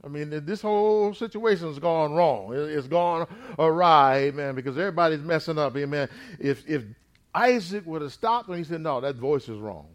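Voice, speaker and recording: Fairly high-voiced preacher retelling scripture. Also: male voice, normal speed. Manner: storytelling retelling of scripture, repeated "amen"; swings between loud and quiet. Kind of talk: sermon.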